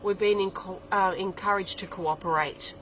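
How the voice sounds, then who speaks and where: A woman's voice: mid-range voice, fairly even intonation, normal speed, a bit bright, slight background noise, rough recording. A woman giving a weekly spiritual oracle card reading, talking in a flowing way that repeats and lists words as she thinks aloud. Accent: non-American English accent.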